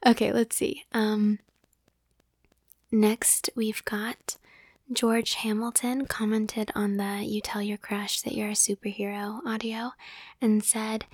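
A young woman reads comments in a soft, breathy whisper, giggling between them and poking fun at herself. Her voice is flat and gravelly, with little pitch movement. The mic sits close in a dead, dry space. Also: takes it slowly, long pauses, dry recording. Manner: whispered, giggly, self-deprecating. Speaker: ASMR audio creator.

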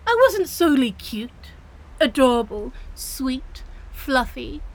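A high, bouncy voice swooping all over the place: a woman doing a young female otter-girl supervillain, prickly and defensive. She splutters indignant protests and stumbles over her own denials, talking straight to the listener in an audio role-play. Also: very animated, slow, heavily acted, rough recording. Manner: indignant, flustered, protests too much and stumbles over words.

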